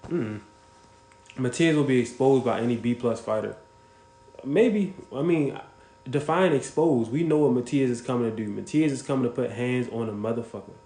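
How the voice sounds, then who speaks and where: A man hosts a casual livestream, thanking viewers by name while talking bluntly and swearing a lot. His voice is mid-range, his pace moderate, and the sound is roomy.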